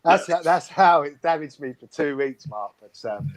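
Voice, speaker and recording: A man's voice: a little high, animated, measured pace, a crowd in the background. A man co-hosting a casual chat, chiming in with agreement and his own stories. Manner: chatty, chimes in with agreement and laughter.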